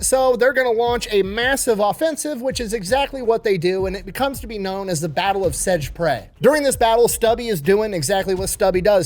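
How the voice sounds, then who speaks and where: A man hosting a casual, comedic retelling of history in a profane, wisecracking, conversational way. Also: high-pitched. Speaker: host.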